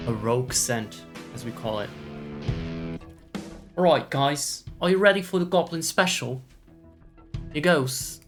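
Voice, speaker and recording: A man's voice: mid-range voice, a bit bright. A man streaming a puzzle adventure game, chatting casually with viewers, joking around and playing with words. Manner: playful and goofy, riffs on words and puts on silly voices. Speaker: let's play streamer. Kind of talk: casual gameplay commentary.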